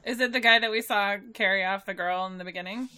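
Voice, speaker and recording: A woman's voice: mid-range voice, fast, heavy background noise. A woman player in a tabletop game, talking casually, eager and full of questions.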